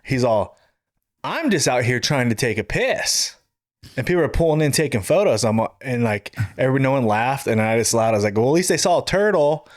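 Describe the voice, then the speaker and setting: A man's voice: mid-range voice, fairly quick, no room sound, clean studio sound. A man co-hosting a podcast, telling a funny night-out story in casual chat, acting out quotes and laughing as he goes. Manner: animated, laughs while telling stories, acts out quotes. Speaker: podcast co-host.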